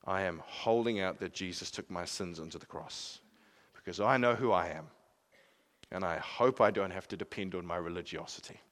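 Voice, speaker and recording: A man preaching a sermon in an earnest way, swinging from emphatic peaks to quiet, soft passages. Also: low voice, moderate pace.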